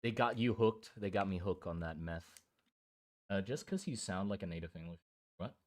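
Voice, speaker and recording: A man's voice: low-pitched, moderate pace. A young man from Germany and Thailand chatting casually on a live stream, rambling with many restarts and casual swearing. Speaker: streamer drawing miniatures.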